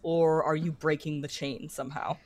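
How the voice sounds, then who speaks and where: Halting low-voiced woman game master. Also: steady tone. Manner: hesitant, many fillers and restarts. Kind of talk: narrating a tabletop game.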